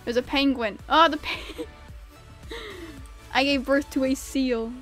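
Young woman gamer talking to chat, high voice, slow and drawn-out, faint music behind. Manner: expressive, swings between mumbling and shrieking in frustration; reads chat questions aloud and answers. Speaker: game streamer. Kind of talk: casual gameplay commentary to chat.

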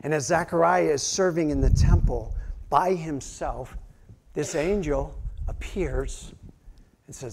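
An unhurried male pastor with a fairly high pitch preaches, and a little hiss or hum sits under the audio. He tells stories animatedly, performs the quotes, and moves from loud outbursts to quiet near-whispers.

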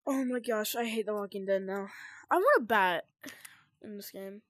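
A young woman chatting casually while playing a VR zombie game, jumpy and quick to shriek when scared. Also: medium pitch, fairly bright tone, slight background noise. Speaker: gamer. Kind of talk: casual VR gameplay commentary.

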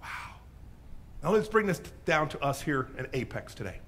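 A male pastor preaching a sermon in church, telling the story dramatically, swinging from loud bursts to hushed asides. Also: a little high, normal speed. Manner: animated storyteller, dropping to hushes.

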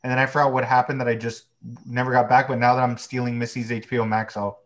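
A man's voice: mid-range voice, level tone, fast. A man co-hosting a podcast, joking in a laid-back way. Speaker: podcast co-host. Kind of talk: casual podcast chat.

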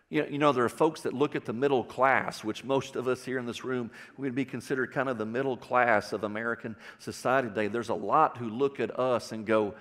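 A man's voice: medium pitch, steady tone, a little fast, hardly any pauses, a bit bright, long reverb tail. A man with a Texan accent preaching a sermon, telling stories in a folksy way and putting questions to the congregation. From Texas. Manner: folksy storytelling with audience questions. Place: church sanctuary.

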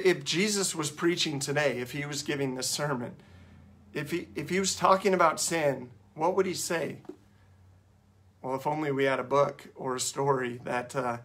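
A man's voice: on the high side, fairly bright tone. A man, a pastor, preaching a sermon in church, earnest and full of rhetorical questions and restarts.

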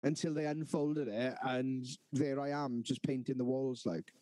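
A man's voice: medium pitch, fairly even intonation, a little slow, dark tone, dry recording. A British man co-hosting a podcast, cracking sweary jokes in casual banter. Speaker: podcast co-host. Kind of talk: casual chat.

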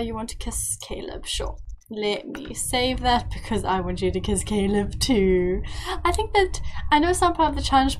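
A woman's voice: a little high, slight background noise, low-quality recording. A young woman giving chatty let's-play commentary, coaxing and giggling as she talks to her game characters. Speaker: game streamer.

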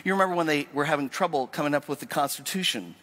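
A man preaching a sermon as pastor, emphatic and animated, asking his listeners questions. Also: a little high, very fast, long reverb tail. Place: church sanctuary.

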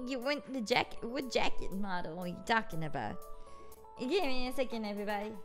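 A woman's voice: fairly high pitch, lively intonation, brisk, soft background music, close to an everyday voice. A woman streamer voicing a laid-back, boastful bearded guy who rambles, swears casually and laughs at himself while gaming. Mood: goofy. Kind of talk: live game stream in character.

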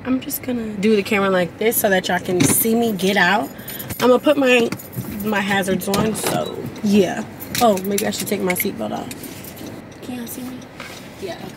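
A teenage girl chatting casually to her viewers while vlogging on a handheld camera, animated and talkative. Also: mid-range voice, normal speed. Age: teens. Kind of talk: casual vlog chat to viewers. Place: in a car and around a shopping area. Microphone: handheld vlog camera. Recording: noisy handheld vlog recording.

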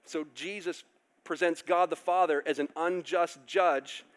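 A male pastor preaching a sermon, animated, acting out characters with loud outbursts. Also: fairly high pitch, unhurried.

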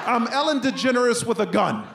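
A middle-aged man doing a stand-up comedy set, animated, acting out family scenes and breaking into shouts. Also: very high voice, brisk, creaky. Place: comedy club stage with live audience. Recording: live room with steady ambience noise.

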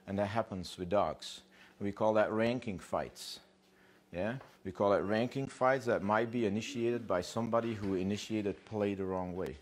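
A man lecturing on dog behavior as a trainer, animated and casual, acting out what dogs think and swearing now and then, with frequent "yeah?" check-ins. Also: on the low side. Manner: animated, acts out dogs' thoughts in quick voices, swears casually.

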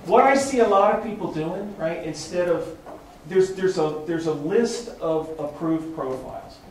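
A man's voice: high-pitched, unhurried, slight background noise. A man presenting at a tech meetup, explaining casually to a small group with frequent restarts and "right?" checks. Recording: echoey room, distant mic, faint ambience.

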